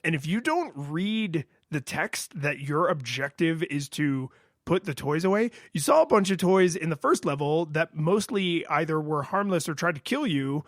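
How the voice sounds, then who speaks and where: A man with a voice a touch higher than most talks through a retro game review. He rambles, stops to restart his thoughts, and sprinkles in fillers. It sounds close-miked and dry, with no room sound. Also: moderate pace, no echo. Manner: rambling, lots of fillers and restarts, acts out his own past excitement. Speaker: podcast co-host.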